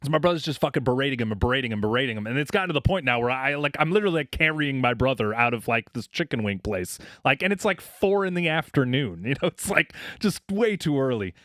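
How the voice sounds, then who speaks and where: A man's voice: medium pitch, expressive, fast talker, few pauses, a bit bright, dry recording, studio quality. A man co-hosting a podcast, telling long stories in a casual, profane, filler-heavy way. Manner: rambling, profane, many fillers like "like" and "you know". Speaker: podcast co-host. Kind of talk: casual storytelling chat.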